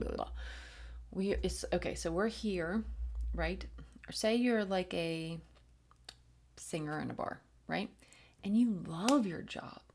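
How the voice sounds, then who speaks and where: A woman giving a channeled spiritual reading, gentle and encouraging, with many fillers and restarts and frequent drops into soft whispers. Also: fairly low pitch, creaky. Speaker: channeled reader.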